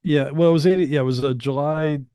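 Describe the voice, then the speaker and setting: A man's voice: on the high side, quick pace, mellow, clear, resonant tone, no room sound. A man being interviewed as a guest, telling stories about studio work in a casual, chatty way, with frequent restarts and asides. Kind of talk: casual anecdotal storytelling.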